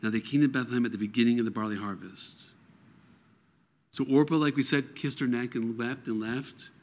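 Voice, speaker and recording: Male Bible teacher, mid pitch, alternates reading verses aloud with casual explanation. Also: steady tone, fairly quick, a little mellow. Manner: reads scripture aloud, then explains it conversationally.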